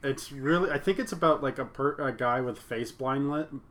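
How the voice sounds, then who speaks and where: A man's voice: medium pitch, normal speed, a bit bright. A man co-hosting a podcast in casual chat, laid-back, mumbling through his teeth and swearing casually. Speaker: podcast co-host. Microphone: podcast mic.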